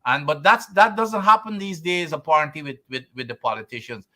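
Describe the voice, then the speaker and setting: A man appearing as an interview guest, with a bright, forceful voice that sits a little high. He speaks earnestly and tends to repeat words as he gets a sentence going. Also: fairly quick.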